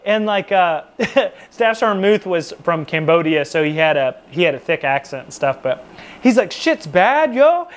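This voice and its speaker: A man's voice: on the high side, fairly even intonation, normal speed, smooth. A man casually telling a rambling, profane, self-mocking story to camera about his time in the military.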